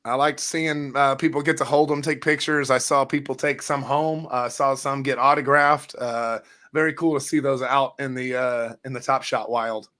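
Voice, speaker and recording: A man hosts a casual podcast. He is enthusiastic but halting, filling his pauses with "uh" as he lines up questions. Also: medium pitch, fairly even intonation, pushed and bright. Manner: hesitant, many "uh"s, enthusiastic. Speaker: podcast host. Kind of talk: casual chat.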